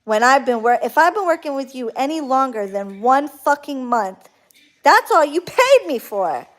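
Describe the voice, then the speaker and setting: A woman's voice: high-pitched, big pitch swings, moderate pace. A woman who works as a spiritual practitioner, ranting bluntly and profanely in a casual livestream. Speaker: spiritual worker.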